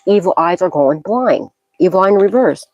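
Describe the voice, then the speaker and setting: A woman's voice: fairly low pitch, animated, normal speed, darkish tone, muffled recording. A woman gives a psychic tarot reading as a loose, casual monologue. She is blunt and profane, scolding freely and breaking into bursts of laughter as she talks.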